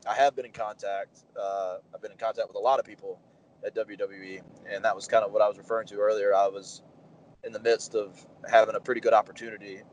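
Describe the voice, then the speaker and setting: Interview guest, man in his 30s, lowish voice, lively storyteller who acts out quotes. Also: quick pace, a little hiss or hum, low-quality recording. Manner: animated anecdotes, acts out quoted dialogue, many fillers. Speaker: pro wrestler, interview guest.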